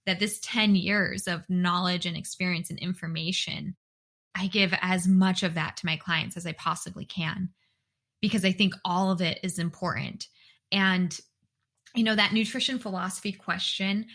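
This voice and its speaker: A woman in her thirties talks alone into a mic in her bedroom for her own podcast. Her voice sits at a middle pitch for a woman. She speaks earnestly and from the heart, often doubling words for emphasis. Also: pushed and bright. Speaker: podcast host and dietitian. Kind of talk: solo podcast monologue.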